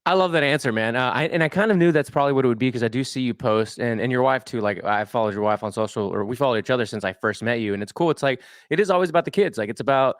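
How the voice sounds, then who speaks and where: Male podcast host, quick, chatty, enthusiastic, dry close sound. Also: mid-range voice, no echo. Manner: enthusiastic, chatty, many "like" fillers. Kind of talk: casual podcast conversation.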